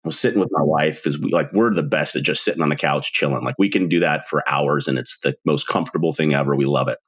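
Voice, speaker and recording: A man in his forties with a deep, husky voice, chatting on a podcast. He tells stories with energy and acts out both sides of each conversation. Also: fast talker. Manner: animated storyteller, acts out dialogue. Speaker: podcast co-host. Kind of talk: casual podcast chat.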